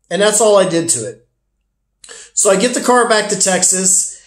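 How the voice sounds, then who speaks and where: A man's voice: high voice, brisk. A man talks straight to his viewers in a chatty, emphatic way and calls them folks. His voice sits slightly above the usual male range. The room around him is echoey. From United States. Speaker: vlogger. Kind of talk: casual storytelling to camera.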